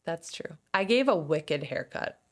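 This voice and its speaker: A woman's voice: deep voice, expressive, unhurried. A middle-aged woman co-hosting a podcast, telling stories in casual chat and laughing often as she acts out quoted voices. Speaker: podcast co-host.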